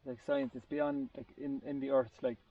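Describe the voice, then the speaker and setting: A man's voice: mid-range voice, level tone, normal speed, no echo. A man telling a long story in a casual group talk, rambling and often restarting his sentences. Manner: rambling, searching for words with restarts. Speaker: group participant. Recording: distant muffled lo-fi recording.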